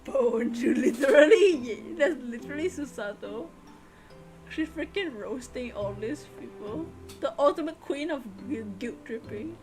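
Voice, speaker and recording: A woman's voice: high voice, lively intonation, unhurried, music in the background. A woman streamer giving live commentary on a game, giggly and sassy, with lots of exclamations.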